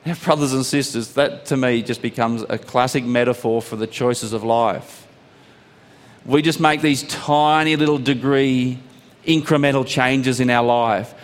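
A man preaching a sermon, telling stories and letting his voice climb high on emphatic points. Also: steady tone, a little slow. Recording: long hall reverb.

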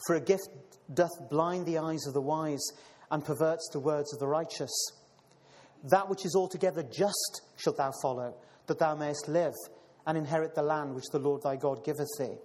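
Guy preaching, bit high voice, lots of ums and restarts, long echo like a big hall. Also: normal speed, darkish tone. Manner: addresses listeners as brothers and sisters; frequent fillers and repeated words. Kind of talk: sermon with scripture reading.

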